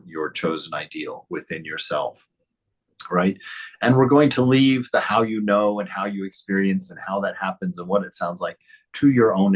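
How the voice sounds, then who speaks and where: A man teaches on spirituality, reading from a devotional text and reflecting on it in a conversational, thoughtful way, often tossing in "right?" and "you know." His voice is deep, and the audio quality is poor.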